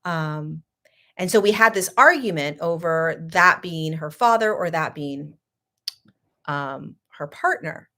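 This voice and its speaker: A woman hosting a casual talk, telling a personal story in an animated, laughing way that swings between loud and hushed. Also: deep voice, slow. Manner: frequent 'like' and restarts, sarcastic. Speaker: host.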